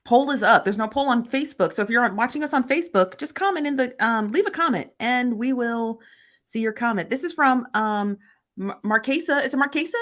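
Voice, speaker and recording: A woman's voice: a little high, animated, a little fast. A woman hosting a casual livestream, chattily greeting viewers by name and reading their comments aloud. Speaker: livestream host. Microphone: phone.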